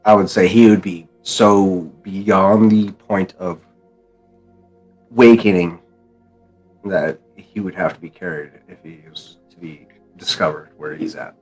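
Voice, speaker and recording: Guy explaining his character, low-ish voice, kinda halting, soft music in back. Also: steady tone, low-quality recording. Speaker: player. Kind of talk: tabletop role-play narration.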